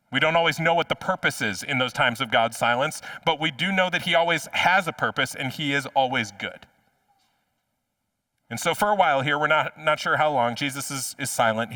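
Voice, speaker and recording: A man's voice: mid-range voice, bright, forceful tone, no room sound, distant mic. A man preaching a sermon as pastor in a conversational way, often repeating words as he restarts a phrase. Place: church.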